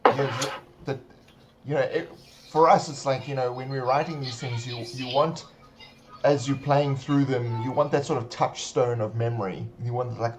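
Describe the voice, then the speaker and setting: A man's voice: medium pitch, moderate pace, background noise. A man who writes adventure modules, talking casually and laughing as he speaks. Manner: animated, laughs while talking. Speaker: game designer. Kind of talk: casual chat.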